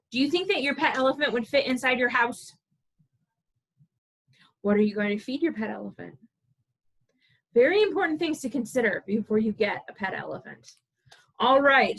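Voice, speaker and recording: Animated woman reading to preschoolers. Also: high voice, moderate pace, long pauses, slightly rough, rough recording. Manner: animated, asks children questions, playful voices. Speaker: children's librarian. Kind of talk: reading a picture book to preschoolers.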